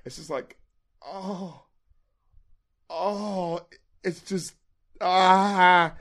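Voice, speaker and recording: A man with a slightly high voice hosts a casual podcast about rap records. He talks in an animated way, swearing freely and slipping into quick voices to act out lyrics. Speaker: podcast host and rap critic.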